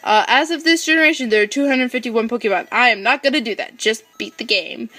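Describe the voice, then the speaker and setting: A woman's voice: a little high, fast talker, few pauses, sharp tone, soft background music. A woman hosting a casual game playthrough, chatty and upbeat as she explains the mechanics. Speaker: let's play host. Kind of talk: casual gameplay commentary.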